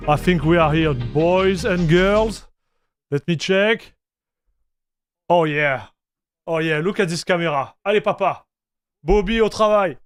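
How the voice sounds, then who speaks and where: A man with a French accent hosts a relaxed livestream, greeting his chat by name and tossing in bits of French and Spanish. His voice sits high and clean. He takes his time, and the sound is close and dry. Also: slow pace, long pauses, dry recording, faint music behind. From North America. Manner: chatty, greets viewers by name, mixes in French and Spanish phrases, laughs often. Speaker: streamer reviewing Linux gaming.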